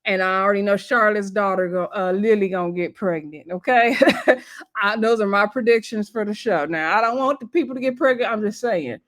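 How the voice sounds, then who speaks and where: A TV show reviewer recaps an episode in a casual, chatty way, often laughing and acting out quotes as she tells the story. Her mid-range voice is fairly bright and a little fast.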